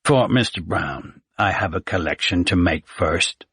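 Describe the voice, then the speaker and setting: A man's voice: low-pitched, expressive, measured pace, a bit bright, husky, dry recording, clean studio sound, exaggerated voice. A man voicing a surly, curt male courier with an American accent.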